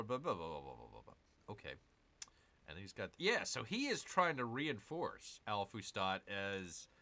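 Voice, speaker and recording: A man's voice: mid-range voice, bright, forceful tone. A man hosting his own gaming channel, chatting casually as he plays a strategy game, rambling and correcting himself with jokey asides to viewers.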